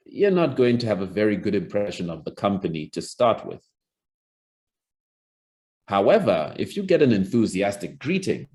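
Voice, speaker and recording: A man's voice: lowish voice, a little mellow. A man teaching presentation skills as a public speaking coach, demonstrating by shifting his tone and pace. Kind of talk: recorded presentation lesson.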